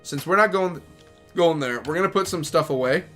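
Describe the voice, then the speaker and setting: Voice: mid-range voice, brisk, fairly bright tone, faint music behind. A gaming streamer giving casual, rambling commentary as they play, joking and self-deprecating.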